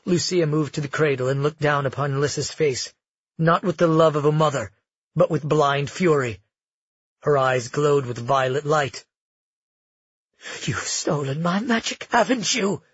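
A man narrates an audiobook with a measured, dramatic delivery, his voice husky and slightly high. The tone stays steady, and the lo-fi recording sounds dry and dull, with no echo.

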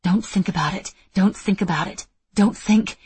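A woman's voice: mid-range voice, moderate pace, darkish tone, husky, no echo. A woman voicing a determined young woman under fire, speaking tersely and urgently. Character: tense determined young woman time traveler.

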